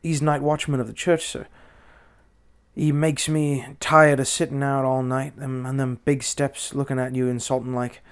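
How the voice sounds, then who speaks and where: A man voicing a young working-class Cockney bellboy who calls everyone "sir" and speaks in rough grammar. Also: mid-range voice, level tone, normal speed, lightly acted. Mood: uneasy. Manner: dropped grammar, deferential "sir" after every phrase. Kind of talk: audiobook character voice.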